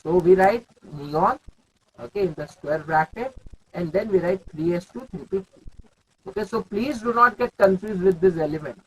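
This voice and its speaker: This low-quality recording, with a little hiss or hum, captures a young man's high voice at normal speed. He has an Indian English accent and teaches a live online chemistry class, where he calls out students' names and repeats what he asks.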